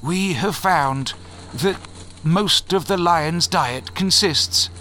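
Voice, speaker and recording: A man's voice: on the high side, slow, sharp tone, slight background noise, pitched above the performer's own voice. A man voicing a polished television arts and nature presenter in a mock broadcast. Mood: presenterly.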